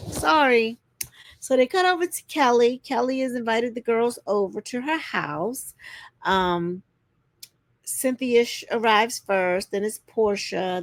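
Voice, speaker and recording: Here a creaky-voiced woman recaps reality TV in a casual, sassy way, speaking right to her audience. When she quotes people, she puts on a voice and leaps in pitch. There's no room sound.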